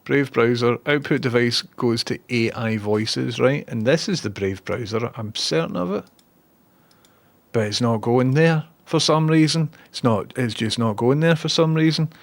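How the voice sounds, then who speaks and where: A Scottish man with a Glaswegian accent streams casually, swearing and muttering as he fixes his tech. His voice is medium-pitched and measured, with no echo.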